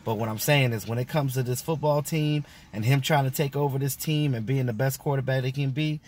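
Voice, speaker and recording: A man's voice: medium pitch, fairly even intonation, a little fast, darkish tone, a little hiss or hum. A man giving a loose, rambling reaction to a sports interview, full of fillers and restarts. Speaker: sports fan vlogger. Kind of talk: casual reaction commentary.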